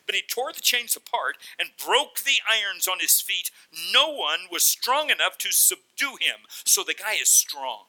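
A man preaching a sermon, telling the story in an animated way and acting out the voices as he goes. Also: high voice, poor audio. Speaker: pastor.

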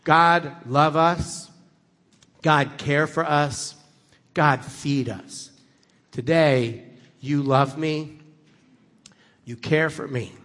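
A man voicing an excitable stranger in broken English, who shouts with excitement and then speaks slowly and earnestly. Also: high-pitched, in a large hall, voice pushed up, full character voice.

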